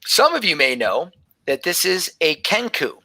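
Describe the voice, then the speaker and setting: Bright-voiced man running a tabletop game. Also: a little high, big pitch swings, moderate pace. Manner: rambling, many fillers and restarts. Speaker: game master.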